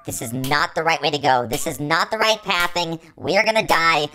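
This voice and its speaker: A woman giving live gameplay commentary as a video host. She repeats words rapidly when she panics and plays a robot persona. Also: sits low, bright, forceful tone, slight background noise, rough recording. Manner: playful robot persona, calls herself an artificial intelligence.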